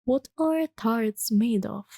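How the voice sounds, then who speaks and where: Woman doing a fretful old king, whispered role-play, soft and dry, kinda high. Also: slow, creaky, no room sound, heavily acted. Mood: grave. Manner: soft-spoken, grave and fretful. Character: pompous fussy old male king.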